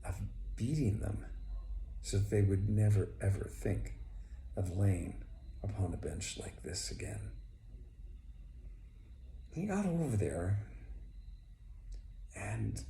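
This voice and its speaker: Slow, gravelly male storyteller. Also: low-pitched, expressive, mellow. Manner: slow, intimate, often dropping to a whisper. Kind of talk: storybook narration. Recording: echoey room with faint background noise.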